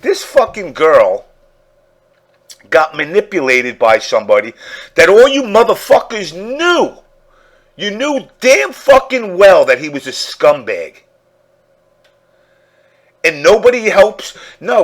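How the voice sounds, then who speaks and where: A man hosting a talk show, ranting angrily and swearing heavily. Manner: furious, swearing heavily, lively swings in pitch. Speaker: host. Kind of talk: angry profane rant on a talk show.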